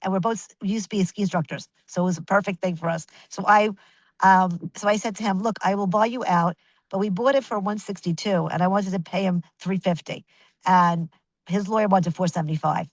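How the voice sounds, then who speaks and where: Chatty, animated middle-aged woman storyteller. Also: medium pitch, a little fast, no room sound, poor audio. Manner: animated, chatty, with many restarts and acted-out quotes. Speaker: guest. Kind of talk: casual storytelling interview.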